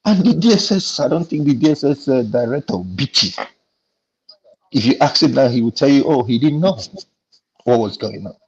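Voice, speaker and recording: A man's voice: mid-range voice, animated, moderate pace, a little mellow, slightly rough, dull audio. A man with a Nigerian accent in a casual panel discussion, telling an indignant story and acting out the exchanges.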